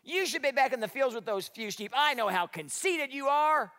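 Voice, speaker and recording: A man's voice: very high voice, expressive, fast, fairly bright tone, long reverb tail, pitched above the performer's own voice. A man acting out a scornful, jealous eldest brother who angrily belittles his younger sibling. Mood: angry scorn. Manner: angry, belittling.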